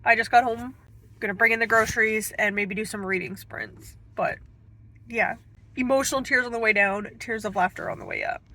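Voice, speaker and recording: A young woman talking casually to camera about her reading, chatty and animated, with bits of laughter. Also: fairly high pitch, fairly quick, slight background noise. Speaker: booktube vlogger. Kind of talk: casual vlog talk to camera.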